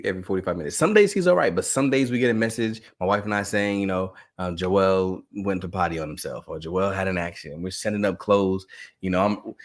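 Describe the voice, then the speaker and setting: Brief: man in his thirties, lower voice, animated live talk to teachers, laughs a lot. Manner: animated storytelling, laughing often. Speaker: educator and speaker.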